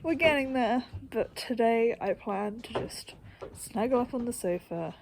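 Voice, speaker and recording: A woman's voice: on the high side, animated, unhurried, creaky, noisy background. A young woman vlogging to camera in a rambling, self-deprecating way, laughing often and half-whispering at times. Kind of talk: casual to-camera chat.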